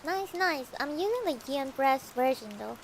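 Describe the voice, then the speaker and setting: A woman's voice: high-pitched, animated, normal speed, a little hiss or hum, poor audio. A young woman reading a novel aloud for her stream, playful and adding her own comments between passages. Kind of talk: casual storybook reading with asides.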